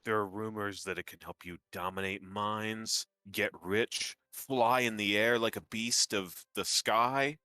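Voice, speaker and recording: A man's voice: lowish voice, fairly even intonation, unhurried, few pauses, bright, forceful tone, no echo. A man playing a tabletop game, narrating his character's actions and spells. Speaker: player. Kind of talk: casual tabletop role-play.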